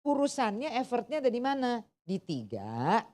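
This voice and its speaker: Mellow woman tutor. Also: fairly high pitch, wildly swooping pitch, a little fast. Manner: switches between English and Indonesian, keeps quizzing listeners. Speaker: English test tutor. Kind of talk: workshop teaching.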